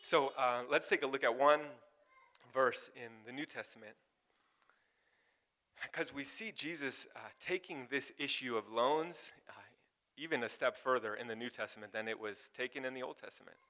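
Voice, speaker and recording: A man's voice: mid-range voice, moderate pace, bright, forceful tone. A man preaching a sermon in a loose, casual way, often laughing and asking the congregation questions. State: warm and sweating from exertion. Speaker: pastor.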